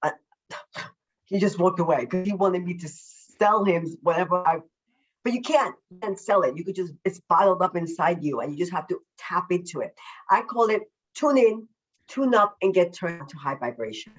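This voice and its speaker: A woman, a self-love coach, talking as a podcast guest over a video call, effusive and emphatic, deliberately slowing down her naturally quick way of speaking. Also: lowish voice, animated, highs cut off. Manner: deliberately slowing her usual fast speech. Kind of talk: casual podcast interview.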